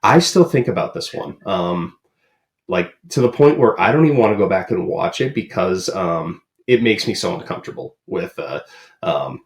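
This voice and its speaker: A man's voice: low voice, lively intonation, normal speed, creaky. A man co-hosting a podcast in casual chat, rambling with many ums and uhs. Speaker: podcast co-host.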